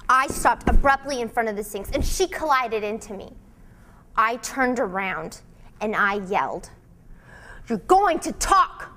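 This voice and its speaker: Woman, solo performer, dramatic literary reading; slow, weighty phrasing, fairly high pitch. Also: a bit bright, a little hiss or hum. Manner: slow, deliberate, emotionally charged delivery.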